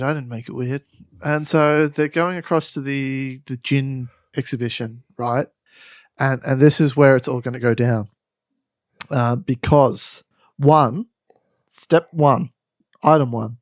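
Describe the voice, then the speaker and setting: A man's voice: medium pitch, slow, no room sound, studio quality. An Australian man co-hosting a comedy podcast, telling a story in a rambling, playful way and correcting himself as he goes. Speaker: podcast co-host.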